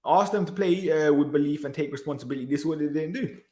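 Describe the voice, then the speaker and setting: This man's voice is on the high side with a dark tone, and he talks fast. On his football reaction channel he rants in frustration about the match, exasperated, sighing, and repeating phrases, in an echoey room.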